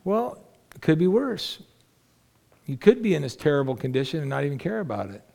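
Gravelly-voiced man preaching in a hall. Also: on the high side, very animated, fairly quick, a little mellow. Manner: conversational, rhetorical questions, acts out callers. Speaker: pastor. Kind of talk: sermon.

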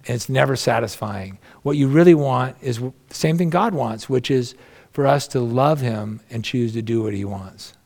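A man's voice: medium pitch, normal speed, vocal fry, darkish tone. A male pastor preaching a sermon in a conversational, folksy way, with humorous asides.

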